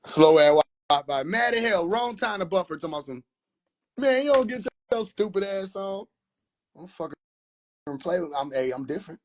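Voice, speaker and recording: A man's voice: high-pitched, expressive, moderate pace. A man hosting a live stream, boisterous and mocking in a casual rant, laughing often. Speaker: livestream host.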